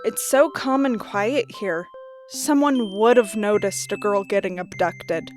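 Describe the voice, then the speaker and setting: A man voicing a sharp, determined young woman detective with a dry, teasing edge. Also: sits high, measured pace, faint music behind, voice pushed up.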